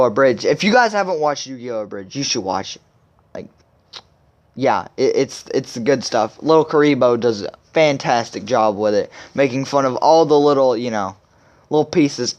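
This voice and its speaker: A man's voice: medium pitch, clear, resonant tone, dull audio. A young man hosting a video and recapping a comic chapter in a rambling, filler-heavy casual way. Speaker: video host.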